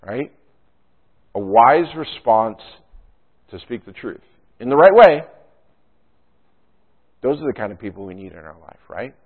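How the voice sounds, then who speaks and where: A man's voice: mid-range voice, expressive, a little slow, pauses often. A man preaching a sermon and tossing in rhetorical questions and a frequent "right?". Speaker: pastor. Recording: tinny phone-like sound.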